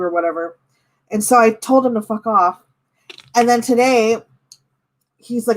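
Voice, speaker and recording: A woman's voice: fairly high pitch, fairly quick. A young woman venting casually on a live stream, quoting an argument and talking with her chat. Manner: animated, quotes others in her own voice.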